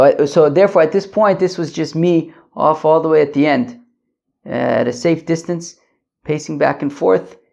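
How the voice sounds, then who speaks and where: Halting man teaching Talmud, slightly gravelly. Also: on the high side, a little mellow, muffled recording. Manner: halting, many restarts and fillers, Yiddish-flavored study terms. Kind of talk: daily Talmud lesson, translating line by line. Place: pacing at the edge of a wedding hall.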